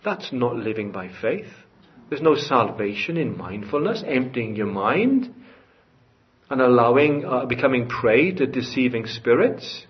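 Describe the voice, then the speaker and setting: A man's voice: mid-range voice, very animated, measured pace. A man preaching a sermon in a church, earnest and building to fervent emphasis. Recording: dull lo-fi church recording.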